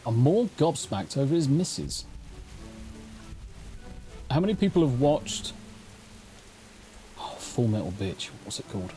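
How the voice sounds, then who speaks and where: A man's voice: mid-range voice, sing-song, unhurried, long pauses, mellow, soft background music. A middle-aged Englishman with an English accent, chatting casually and rambling with swearing while he live-streams a game on a studio mic. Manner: rambling, sweary, self-deprecating banter. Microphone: studio mic through a mixing console.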